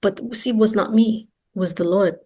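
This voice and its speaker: Woman, interview guest, earnest personal testimony, emphatic, repeats words for stress, mid pitch. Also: moderate pace, darkish tone, slightly rough.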